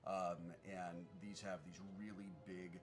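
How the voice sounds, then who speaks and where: A man describing his character at a tabletop game, halting and searching for words. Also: low voice, little pitch movement, over music. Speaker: player.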